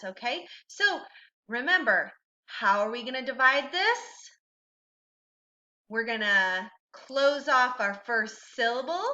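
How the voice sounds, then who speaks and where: A woman's voice: fairly high pitch, bright, forceful tone, lo-fi sound. A woman teaching a recorded reading lesson to a child, patient and encouraging, asking questions and then answering them herself.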